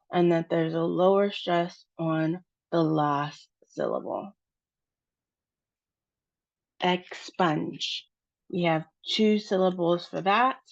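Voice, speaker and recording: Slow, patient American woman teaching. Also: on the low side, gravelly. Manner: patient, spells out stress and syllables slowly. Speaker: pronunciation teacher. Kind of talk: slow pronunciation lesson. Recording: dull, dry, lo-fi sound.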